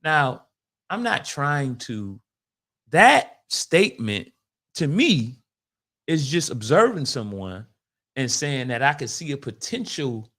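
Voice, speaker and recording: A man co-hosting a podcast in casual chat, telling stories with animation and laughing often. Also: takes it slowly. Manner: animated storytelling, rising high when worked up, laughs often. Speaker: podcast co-host.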